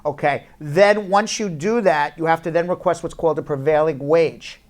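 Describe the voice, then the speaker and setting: A man's voice: fairly high pitch, moderate pace. A man hosting a live immigration law show, joking with his co-host and then explaining legal steps one at a time, checking in with "okay?". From United States. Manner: joking, loud teasing, then explains step by step with repeated "okay?".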